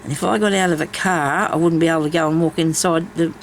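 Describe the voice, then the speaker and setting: Gravelly, rambling woman crafter. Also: sits low, steady tone, quick pace, a little hiss or hum, poor audio. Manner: rambling, chatty storytelling with many asides. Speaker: craft vlogger. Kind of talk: casual chat while embroidering.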